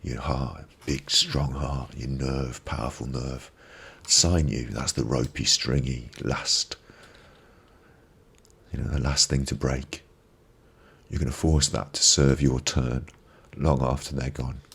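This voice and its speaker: A man with an extremely deep, gravelly voice and a husky edge gives a motivational talk on a live stream. He speaks reflectively and repeats phrases for emphasis, close on a binaural microphone. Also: fairly even intonation, slow, fairly bright tone. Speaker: ASMR live-stream host.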